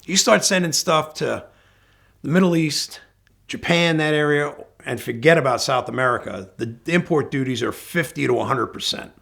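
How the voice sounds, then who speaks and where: A middle-aged man, a car dealer, telling a story in a lively way and acting out the dialogue. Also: a little high, normal speed, gravelly. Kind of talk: storytelling anecdote.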